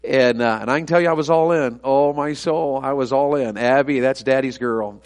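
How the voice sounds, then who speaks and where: A man's voice: medium pitch, moderate pace. A middle-aged man, an evangelist preaching a sermon full of folksy, self-deprecating family stories.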